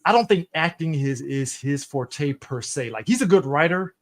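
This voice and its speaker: A man in his thirties co-hosting a podcast, chatting casually with an expressive delivery. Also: moderate pace. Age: 30s. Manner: expressive, swoops in pitch, drawls some words. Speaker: podcast co-host. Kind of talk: casual chat.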